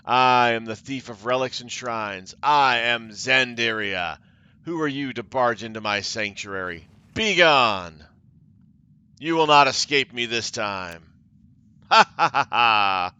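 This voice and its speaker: A man's voice: fairly low pitch, normal speed, pushed and bright, clean tone, muffled recording. A man voicing a cruel, taunting female cult leader while reading game dialogue aloud, with mocking theatrical delivery. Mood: furious.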